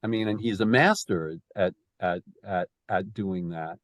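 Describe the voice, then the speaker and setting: A man's voice: low-pitched, unhurried, no room sound. A man leading a poetry discussion group, restarting his sentences often and speaking with emphasis as he taps out the rhythm.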